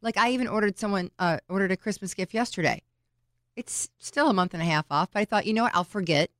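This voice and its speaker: A woman's voice: medium pitch, fast talker, dry recording, studio quality. A woman co-hosting a podcast in casual chat, practical and giving tips step by step. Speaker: podcast co-host.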